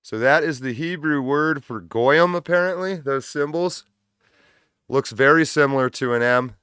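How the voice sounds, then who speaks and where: A man hosting a livestream in loose, profane, casual chat, breaking into loud laughs. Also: fairly high pitch, normal speed, clear, resonant tone, dry recording, clean studio sound. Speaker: livestream host.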